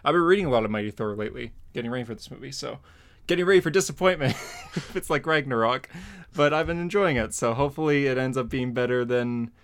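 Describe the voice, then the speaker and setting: Man, podcast host, casual chat, rambling, mid-pitched voice. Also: fast talker, fairly bright tone. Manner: rambling, lots of fillers and laughs.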